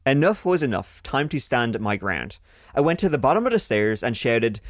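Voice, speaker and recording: A man's voice: mid-range voice, sing-song, moderate pace, no room sound, studio quality. A man hosting a podcast, reading a listener's ghost story aloud in a casual way, swearing freely and joking between lines. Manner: swears freely, breaks off to joke mid-story.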